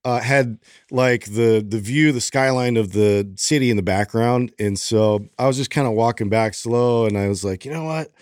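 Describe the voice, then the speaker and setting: A man on a podcast telling a long, rambling story and jumping into little voices for the people in it. His voice is mid-pitched, and the room is dry and close. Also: normal speed, clean tone, no echo. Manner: animated, acts out voices in his stories. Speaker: podcast co-host. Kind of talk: casual storytelling chat.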